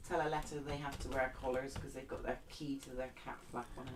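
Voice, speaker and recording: Low-voiced woman with background noise. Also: flat delivery, fast talker. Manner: chatty, teasing. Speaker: co-host reading out the chat. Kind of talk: casual livestream chat.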